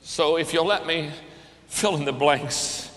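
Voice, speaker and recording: With a slightly high, somewhat bright voice and a slow pace, an older man preaches a storytelling sermon, earnestly repeating phrases when stirred. He is a pastor and leadership speaker, heard in a hall with long reverb.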